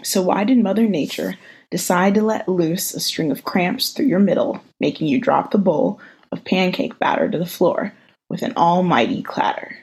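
A woman hosting a podcast, reading a romance story aloud in an even, intimate way. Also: on the low side, moderate pace, slightly rough. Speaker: podcast host reading fan fiction.

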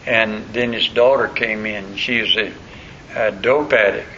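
A man's voice: lowish voice, steady tone, unhurried, pushed and bright. An older man preaching a sermon in a folksy, rambling storytelling way. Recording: muffled lo-fi recording with faint noise.

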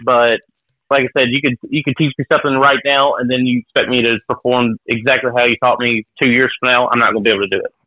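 A man's voice: medium pitch, flat delivery, fast talker, sharp tone, dry recording, muffled recording. A salesman in casual chat who stumbles and repeats his words as he talks to his trainer.

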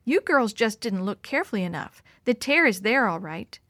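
A woman's voice: medium pitch, very animated, normal speed, fairly bright tone, no room sound, clean studio sound. A woman reading a matter-of-fact mother. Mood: doubtful. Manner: matter-of-fact, mildly dismissive. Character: practical mother, calm and doubtful.

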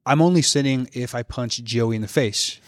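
A man's voice: mid-range voice, normal speed, no echo, studio quality. Reflective young man musing candidly. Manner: reflective, candid, loosely rambling. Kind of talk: casual faith discussion.

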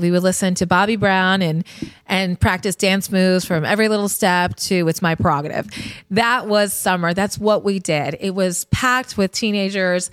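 A woman's voice: mid-range voice, clean tone, no room sound. A woman in her fifties from the United States, a podcast host telling a personal story in a chatty, confiding way and talking straight to her listeners.

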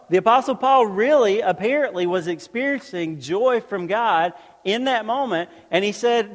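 A man's voice: high-pitched, expressive, moderate pace, hardly any pauses. A man preaching a sermon to a congregation, talking in a conversational way and tossing out rhetorical questions. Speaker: pastor. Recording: long hall reverb.

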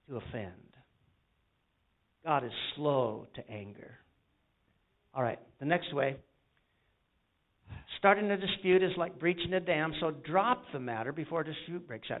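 A man's voice: a little high, animated, normal speed, pauses often, phone-quality sound. A man preaching a sermon with call-and-response and folksy stories, from the United States. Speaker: pastor.

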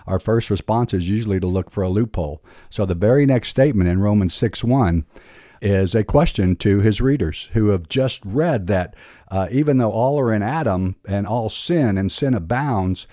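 Man, podcast host, deep warm voice, earnest scripture teaching, dry close mic. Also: no room sound. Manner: earnest preaching with emphatic rhetorical questions. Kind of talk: Bible teaching monologue.

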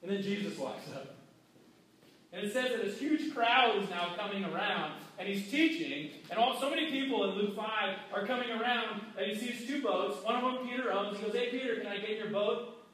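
A man preaches a sermon in a loose, conversational way and slips into the voices of the people in his story. His voice sits fairly high. He is recorded from a distance in a very echoey church hall. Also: expressive, normal speed, sharp tone. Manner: conversational, acts out quoted voices. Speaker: pastor. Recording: very echoey hall, mic far off.

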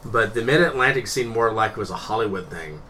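A man co-hosting a casual podcast chat, laughing often and talking with lively pitch jumps. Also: brisk. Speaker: podcast co-host. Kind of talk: casual banter. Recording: distant mic with faint noise.

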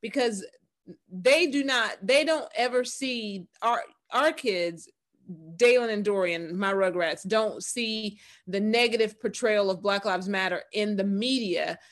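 A woman's voice: medium pitch, unhurried. A woman hosting a conversation, commenting on a guest's story and giving her opinions. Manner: opinionated, sums up and draws conclusions. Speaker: host.

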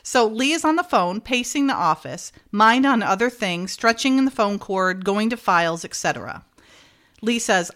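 A woman's voice: medium pitch, lively intonation, moderate pace, fairly bright tone. A woman co-hosting a podcast, casually retelling a show's scenes with laughs and acted-out quotes. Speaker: podcast co-host recapping a show. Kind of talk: casual chat.

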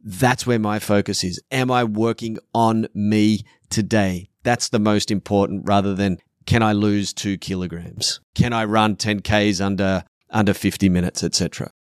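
A man's voice: lowish voice, steady tone, normal speed, hardly any pauses, clean tone, no room sound, clean studio sound. A middle-aged man on a podcast, speaking bluntly and emphatically, swearing often and acting out quoted voices. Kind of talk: podcast conversation.

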